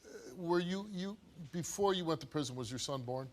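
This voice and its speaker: A man's voice: fairly high pitch, expressive, fairly quick, heavy background noise. A middle-aged man hosting a talk show who asks guests direct, probing questions. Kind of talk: interviewing guests. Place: television studio.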